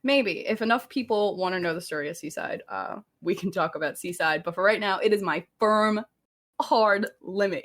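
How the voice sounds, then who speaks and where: A woman's voice: mid-range voice, normal speed. A young woman from Staten Island co-hosting a podcast, chatting casually, laughing often and saying "like" a lot. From Staten Island, New York. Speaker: podcast co-host. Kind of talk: casual chat.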